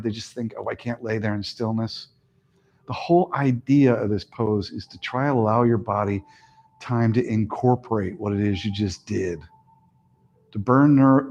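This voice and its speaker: A man leads a yoga class through final relaxation, his voice mellow and a little breathy. He gives slow, soothing breathing cues that fade softly at the ends of phrases. The live stream sounds dull and lo-fi. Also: medium pitch. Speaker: yoga instructor. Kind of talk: guided relaxation instruction.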